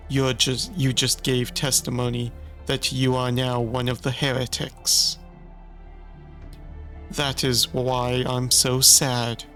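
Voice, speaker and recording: A man voicing a vengeful, mocking female saint in a slow, theatrical game reading. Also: medium pitch, fairly bright tone.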